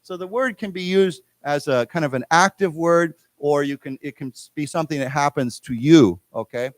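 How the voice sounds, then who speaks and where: A man with an American accent teaching an English class in a lecture room. His voice sits a little high for a man and is recorded dry and close. He explains each word patiently and has the class say it back. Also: no room sound. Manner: explains words slowly, repeats them, drills the class. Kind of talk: English lesson for Chinese speakers.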